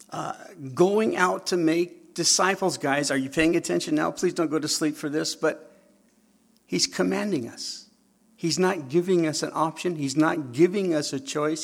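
Man, preacher, gravelly voice, animated sermon, acts out dialogue, questions the audience. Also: on the high side.

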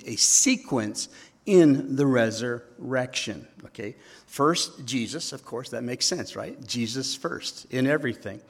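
A man delivers a sermon at an unhurried pace, mid-pitched and conversational. He jokes with his listeners and checks in with quick tag questions. His voice carries a long reverb from the church hall around him. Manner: chatty, joking, leans on tag questions. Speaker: pastor. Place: church sanctuary.

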